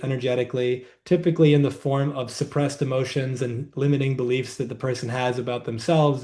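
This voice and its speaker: A man, a guest healer and coach, telling client stories in a measured, reflective way in a podcast interview. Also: medium pitch, dark tone.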